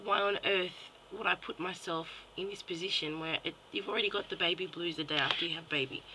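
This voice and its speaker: A woman's voice: lowish voice, fairly even intonation, fast, very noisy. A young Australian woman and mum ranting bluntly and profanely into her webcam at home late at night. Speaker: vlogger. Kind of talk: ranting vlog monologue.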